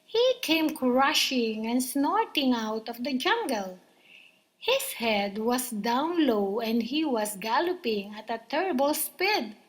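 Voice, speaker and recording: A woman storyteller reading a children's book aloud with soft, expressive narration. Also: on the high side, slow, slightly rough, rough recording.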